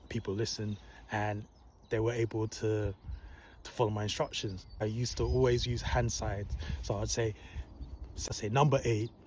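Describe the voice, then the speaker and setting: A man with a slightly low voice tells a personal story in a relaxed, casual way. His tone is soft and humble, calm and unhurried. A faint hiss of background noise sits under the voice. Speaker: vlogger recounting a work story.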